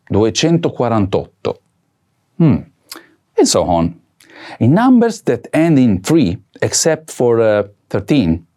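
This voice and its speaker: Male teacher, patient lesson delivery: unhurried, words repeated clearly, pitch moving a lot. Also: dark tone. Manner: slow, careful repetition of words for learners. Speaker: language teacher. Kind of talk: scripted language lesson.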